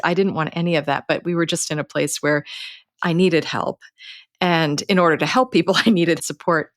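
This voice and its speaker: A middle-aged woman, a guest author, telling personal stories in an earnest, unhurried way. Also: sits low, no room sound, clean studio sound. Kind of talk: reflective personal storytelling.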